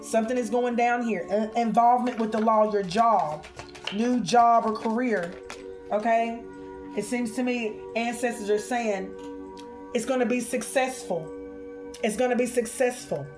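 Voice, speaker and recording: A woman doing a spiritual card reading for her viewers, expressive and chatty, calling them honey and y'all. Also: fairly high pitch, a little slow, over music.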